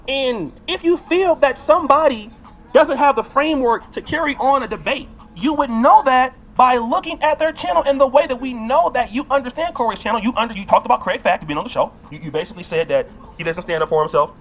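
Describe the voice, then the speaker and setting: A woman's voice: high voice, lively intonation, quick pace. A woman giving opinion commentary, arguing her point with rhetorical questions. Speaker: political commentator.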